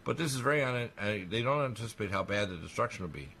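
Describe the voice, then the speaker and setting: A man with a fairly low voice speaks on a radio talk show. He makes his points emphatically and in rapid succession. A faint hiss runs under his voice. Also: lively intonation, creaky, pushed and bright. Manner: emphatic, rapid-fire alarming claims.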